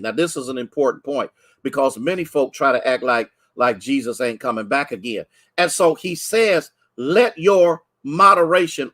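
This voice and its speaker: A man preaching a sermon, repeating phrases for emphasis and calling out viewers by name. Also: fairly high pitch. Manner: preachy call-and-response, greets online viewers by name. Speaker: pastor. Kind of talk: livestreamed sermon teaching.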